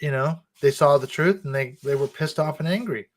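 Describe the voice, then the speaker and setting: A middle-aged man, a guest author, talking casually and telling animated stories about his upbringing, laughing now and then. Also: on the high side, a little fast. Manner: animated storytelling with frequent laughs. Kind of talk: casual conversation.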